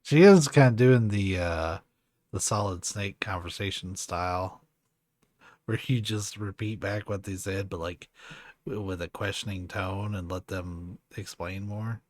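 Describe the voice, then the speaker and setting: A man's voice: deep voice, unhurried, darkish tone, no room sound. A man giving casual commentary over a video game playthrough, with laid-back asides. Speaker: gameplay narrator.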